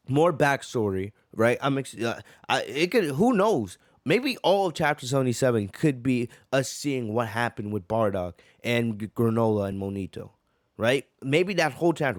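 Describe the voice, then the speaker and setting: A man's voice: mid-range voice, no echo, studio quality. A man hosting a manga reaction, talking eagerly and often checking in with "right?". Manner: eager, keeps asking "right?". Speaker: host.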